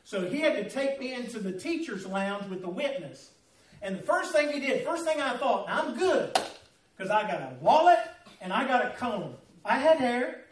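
A middle-aged man with a Southern American accent telling a personal story in a sermon, folksy and laughing through the tale. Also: extremely high pitch. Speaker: pastor. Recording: echoey, from a distance.

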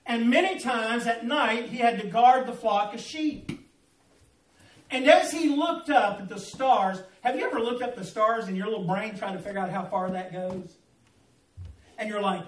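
A man's voice: high-pitched, echoey room, far from the mic, low-quality recording. A middle-aged man preaching a sermon as pastor, folksy and humorous, calling out to his congregation. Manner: folksy preaching with humor and audience call-outs. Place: church sanctuary.

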